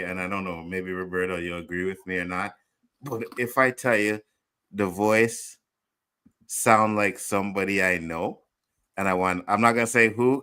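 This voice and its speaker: Bright-voiced male panel show host. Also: low voice. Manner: loose, laughing, cursing, talks to viewers. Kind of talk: casual panel chat.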